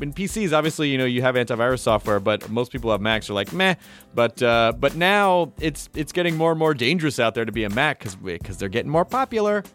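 A man hosting a podcast, reading an ad and chatting in a rambling, jokey way with quick restarts. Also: mid-range voice, a bit bright. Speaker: podcast host. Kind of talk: casual chat and live-read ad.

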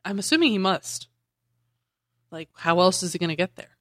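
A man co-hosting a podcast recaps a comic in loose, rambling chat, laughing often and slipping into characters' lines. His voice is bright and forward, recorded close and dry with no room sound. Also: high-pitched, animated, moderate pace, no echo. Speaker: podcast co-host.

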